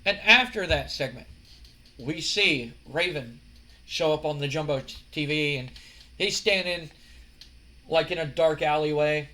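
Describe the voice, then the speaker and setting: Man, casual let's-play commentary, rambling, chatty, slightly high voice. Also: unhurried, pauses often, sharp tone. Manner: chatty, rambling, with frequent fillers and swearing. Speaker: gamer narrating a wrestling sim playthrough.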